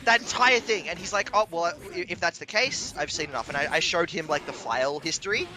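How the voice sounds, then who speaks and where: A man telling a long personal story in casual chat, animated, swearing and laughing as he goes. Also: fairly high pitch, a little fast. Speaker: stream commentator.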